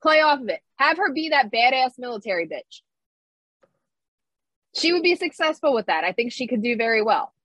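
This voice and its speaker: A woman's voice: fairly high pitch, sing-song, moderate pace, pauses often, a bit bright, dry recording, poor audio. Woman ranting on a podcast, blunt, laughs a lot, dry close sound. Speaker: podcast co-host. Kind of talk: casual chat.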